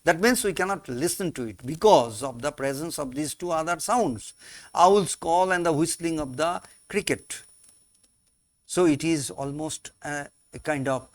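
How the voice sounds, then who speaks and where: A man, teaching a poem slowly in class, repeating and rephrasing key words. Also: a little high. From India. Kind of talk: slow classroom explanation of a poem.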